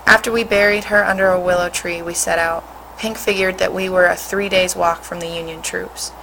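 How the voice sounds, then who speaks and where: A woman, a teacher, reading a storybook aloud in a steady, expressive way. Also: on the low side, moderate pace, a little hiss or hum, rough recording.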